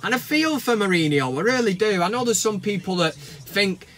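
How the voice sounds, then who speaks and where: A man's voice: high-pitched, expressive, moderate pace, a bit bright. A man hosting his own football vlog, ranting casually to camera in a blunt, sarcastic and sweary way.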